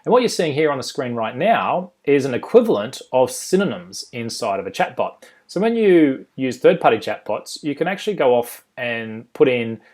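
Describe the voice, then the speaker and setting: A man with an Australian accent giving an informal screen-share tutorial, full of ums and uhs and quick self-corrections. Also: medium pitch, big pitch swings, darkish tone. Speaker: software developer presenting a demo.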